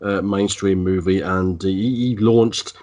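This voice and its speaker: A man with a fairly low voice, chatting easily on a podcast. He agrees readily and pauses often, filling the gaps with ums and uhs. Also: fairly even intonation, darkish tone. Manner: agreeable, hesitant, many fillers. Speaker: podcast co-host. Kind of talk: casual chat.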